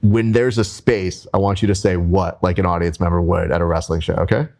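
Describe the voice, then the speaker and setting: Animated man coaching speech. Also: low voice, brisk, creaky. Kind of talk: coaching chat.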